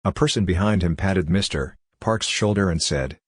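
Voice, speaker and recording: A man narrating a comic story recap in a steady, even scripted read. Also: deep voice, moderate pace, hardly any pauses, slightly rough, no room sound, clean studio sound.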